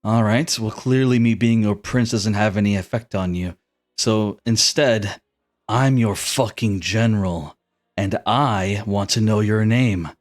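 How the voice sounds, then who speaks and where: A man voicing a cold, commanding prince-general who speaks slowly and with menace. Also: fairly low pitch, pitched below the performer's own voice, natural voice. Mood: menacing. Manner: slow, measured, menacing.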